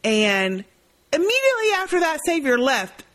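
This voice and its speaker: A woman's voice: sits high, moderate pace. A woman co-hosting a podcast, chatting casually as she recaps a TV episode and acts out lines from scenes. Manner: animated, laughs often, acts out lines from scenes. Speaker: podcast co-host.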